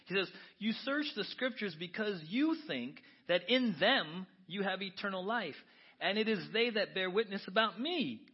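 A male pastor preaching a sermon, animated, swinging between soft asides and loud exclamations. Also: high-pitched, husky, dull audio.

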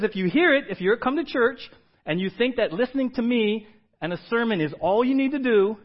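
A man's voice: sits high, highs cut off. A male pastor preaching a conversational sermon, often checking in with the congregation.

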